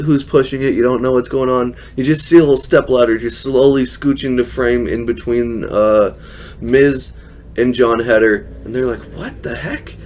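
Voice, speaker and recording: A man giving a casual recap of a televised show, chatty, laughing often and filling pauses with fillers. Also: mid-range voice, darkish tone. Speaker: wrestling recap host.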